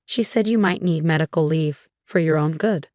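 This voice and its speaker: A woman's voice: sits low, moderate pace, a little mellow, no room sound, clean studio sound, natural voice. A woman reading a young woman whispering a warning. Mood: secretive.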